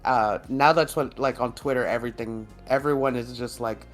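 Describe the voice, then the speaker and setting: A man's voice: mid-range voice, fairly even intonation, moderate pace, soft background music. A man co-hosting a podcast in casual chat, rambling, laughing often and swearing casually. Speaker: podcast co-host.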